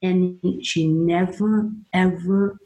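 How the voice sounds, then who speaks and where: A woman's voice: on the low side, steady tone, slow, warm tone. Middle-aged woman in an echoey room. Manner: earnest, storytelling, acts out voices in quotes. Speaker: guest, mother. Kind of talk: Christian parenting talk. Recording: roomy echo.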